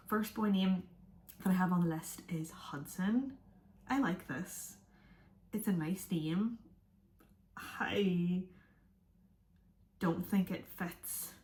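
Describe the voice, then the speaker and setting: A woman's voice: on the low side, a little mellow. A young woman vlogging to camera in a rambling, chatty way, now and then dropping into a whisper. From from outside the USA. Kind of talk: casual chat to camera. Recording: echoey room.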